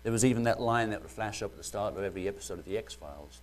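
A man's voice: on the low side, racing. A man with a British accent preaching a sermon, first joking lightly, then reading Bible verses and explaining them earnestly.

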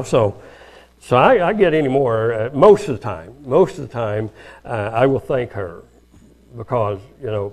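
A man's voice: medium pitch, a little mellow. An older man preaching a sermon in a folksy, conversational way, acting out quoted dialogue as he goes.

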